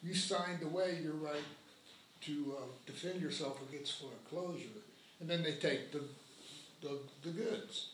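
A man speaking up from the audience at a community meeting, indignant and halting, cursing now and then. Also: a little high, fairly even intonation, fairly bright tone, slight background noise. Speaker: audience member. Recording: echoey room heard from far off.

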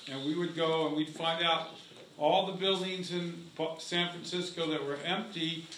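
A man with a bright, somewhat high voice explains things at a community meeting in a steady way. The echoey room carries a faint hum. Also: normal speed. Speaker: housing activist.

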